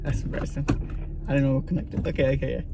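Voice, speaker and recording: A man's voice: mid-range voice, steady tone, rapid-fire, vocal fry, background noise. A young man in a casual storytime vlog, rambling with lots of filler words, talking from a car. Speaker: vlogger.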